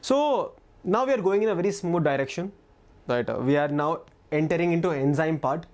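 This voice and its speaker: A woman with an Indian English accent teaches a live online biology class for exam prep, repeating key phrases and asking the chat for doubts. Her deep voice is animated, brisk and a little mellow, and she sounds slightly out of breath.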